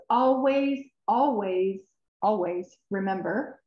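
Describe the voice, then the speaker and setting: A woman reading her own children's book aloud, expressive and emotional, with sighs and drawn-out words. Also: mid-range voice. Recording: roomy, dull recording.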